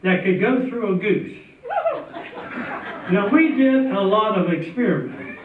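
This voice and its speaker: A man's voice: high voice, animated, a little slow, background noise. A man telling a tall tale on a festival stage in a folksy, chuckling way. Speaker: storyteller. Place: festival stage before an audience. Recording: tinny, distant, echoey hall sound.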